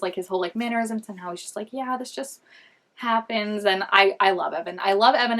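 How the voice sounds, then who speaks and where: A woman's voice: mid-range voice, fairly bright tone. Gushing young woman rambling a fan recap. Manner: gushing, rambling, heavy use of filler "like". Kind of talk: casual fan recap vlog.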